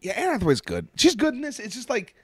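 A man co-hosting a casual movie reaction chat, excitable and animated, swearing freely. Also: very high voice, fast talker, slightly rough, no echo.

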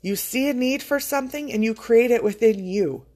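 A woman's voice: a little high, moderate pace, warm tone. A woman hosting a podcast, talking in a casual, heartfelt motivational monologue, choked up with emotion and swearing freely. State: choking up with emotion. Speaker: podcast host.

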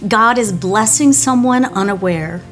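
A woman's voice: mid-range voice, unhurried, soft background music. A middle-aged woman pastor giving a devotional talk, telling personal stories in a candid, self-deprecating way with small restarts.

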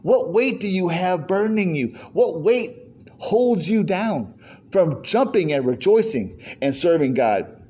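Brief: older male pastor, high-pitched, emphatic sermon delivery, rhetorical questions, quick joking asides. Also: sing-song, warm tone, breathy edge.

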